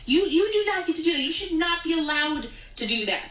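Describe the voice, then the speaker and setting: Woman with a high, bright voice delivering an emphatic rant, heard from a distance in an echoey room. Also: expressive, a little fast. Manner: indignant, emphatic. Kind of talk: social media rant clip.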